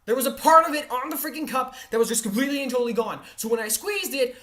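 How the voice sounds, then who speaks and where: A woman telling a comic personal story in an animated, exaggerated way, often checking in with her listeners and tossing in mild curses. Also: high-pitched, quick pace. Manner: animated and exaggerated, with frequent "all right?" check-ins; mild exasperated cursing.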